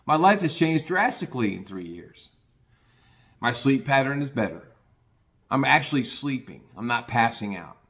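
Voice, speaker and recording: A man's voice: medium pitch, big pitch swings, normal speed, a bit bright. An older man from the Cincinnati area of the US, talking casually and plainly in a rambling podcast monologue, with frequent restarts and the odd curse.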